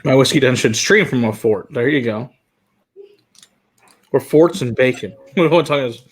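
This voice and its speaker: A man's voice: medium pitch, normal speed. A man hosting a casual whiskey tasting stream, rambling and reading viewer chat aloud. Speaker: host.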